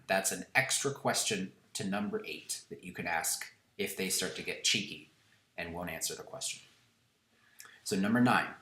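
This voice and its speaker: A man giving a recorded online lesson in an instructive way, repeating key questions slowly and deliberately. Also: deep voice, pushed and bright, reverberant. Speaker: course instructor.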